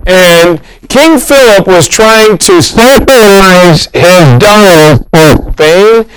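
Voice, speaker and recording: A male teacher with a high-pitched voice gives a casual history lecture in a classroom and keeps it loose with jokes and teasing. The sound is dry and close, with hardly any room in it. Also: animated, takes it slowly, smooth, no room sound, poor audio. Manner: joking, teasing students.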